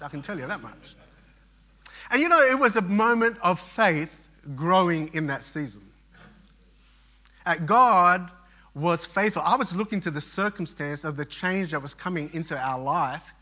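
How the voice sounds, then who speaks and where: High, bright-voiced man preaching a sermon. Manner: storytelling, halting with many restarts and fillers. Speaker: pastor.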